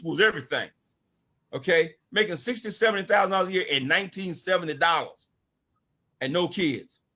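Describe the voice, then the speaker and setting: A man's voice: high-pitched, a bit bright, husky. An older man giving an emphatic, preachy motivational talk to an online audience as a network marketing speaker. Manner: preachy, emphatic, calls out to listeners.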